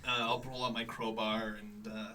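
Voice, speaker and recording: A man playing a tabletop game in a game store, talking in a lively, animated way. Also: on the low side, normal speed, distant mic. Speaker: player. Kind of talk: casual tabletop play. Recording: off-mic with crowd chatter behind.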